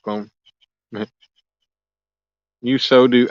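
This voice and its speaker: A man's voice: medium pitch, a little slow, fairly bright tone, no echo, low-quality recording. Chatty man hosting a live stream. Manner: chatty, reads and answers viewer comments aloud; joking, easygoing. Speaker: livestream host. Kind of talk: casual live-stream chat. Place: outdoors at a lake at night.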